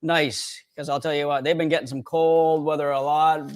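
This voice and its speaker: A man from Canada co-hosting a fishing show livestream in casual chat, animated and quick to laugh as he reads out winners. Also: on the high side.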